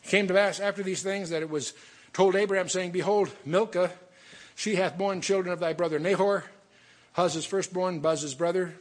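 A man's voice: sits high, fairly even intonation, normal speed. A man teaching a verse-by-verse Bible study, reading scripture aloud and breaking off to explain it with asides and restarts.

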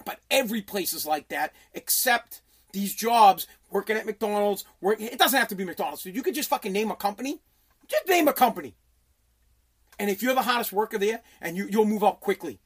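A man's voice: high voice, lively intonation, fairly quick, husky. A man, a business owner and radio host, ranting bluntly and profanely about hard work. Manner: profane, aggressive, emphatic. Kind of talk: blunt motivational rant.

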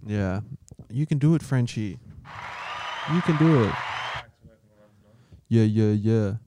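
A man's voice: lowish voice, expressive, slow pace, a crowd in the background, noisy background. An Australian man co-hosting a podcast, teasing his co-host with sarcastic ribbing. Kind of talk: casual banter.

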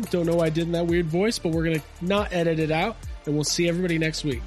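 A man's voice: a little high, fairly even intonation, quick pace, a little mellow, faint music behind. A man co-hosting a casual chat podcast, rambling, self-interrupting and laughing easily. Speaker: podcast co-host.

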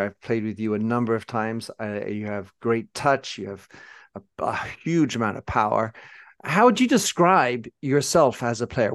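A man's voice: mid-range voice, dry recording, studio quality. A man hosting a podcast asks his guests questions in an upbeat, encouraging way. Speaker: podcast host. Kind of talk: interview questions.

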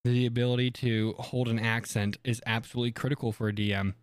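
A man co-hosting a casual podcast chat, animated and quick to joke and laugh. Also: medium pitch, smooth, no room sound, studio quality. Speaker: podcast co-host.

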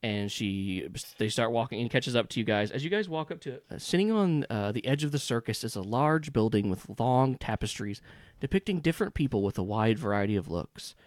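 A male game master narrates a tabletop horror game in a loose, rambling way. His voice sits in a middle pitch. The recording is close and dry. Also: expressive, fairly quick, dry recording. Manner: rambling with many fillers and restarts.

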